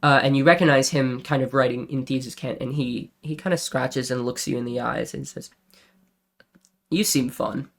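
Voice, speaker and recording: A man's voice: medium pitch, fairly even intonation, brisk, creaky, few pauses. A man narrating as game master for a tabletop role-playing game, describing scenes casually with frequent fillers.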